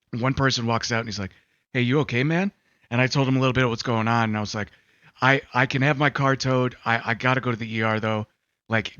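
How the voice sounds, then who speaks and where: A man's voice: medium pitch, sharp tone, dry recording. A man co-hosting a gaming talk show, rambling casually with lots of fillers and acting out quotes. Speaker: podcast co-host. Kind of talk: casual chat and storytelling. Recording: slightly dull sound with faint music.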